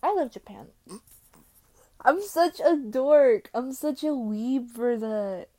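A woman from the United States chatting alone on her podcast, her fairly high voice rambling from one thing to the next. She takes her time and packs her talk with fillers. She swings from loud exclamations to quiet mumbles. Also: slow. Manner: rambling and excitable, jumping between topics with many fillers. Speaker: podcast host. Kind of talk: casual solo podcast chat.

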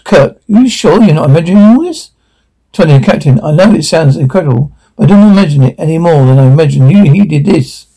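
A man reading the part of a shaken, earnest young woman officer, halting as he reads. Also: a little high, lively intonation, warm tone, slightly rough, low-quality recording.

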